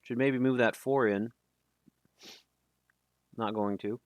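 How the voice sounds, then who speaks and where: A man casts a live game tournament stream at a medium pitch, with a steady tone and a slow pace and no echo. He's casual and chatty but often stumbles over names, and there's loud background noise.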